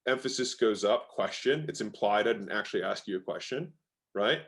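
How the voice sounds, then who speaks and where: Male interview guest, lowish voice, emphatic and casual, drops the odd swear word. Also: brisk, a bit bright. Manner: emphatic, swears, many "like" fillers. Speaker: guest, sales expert.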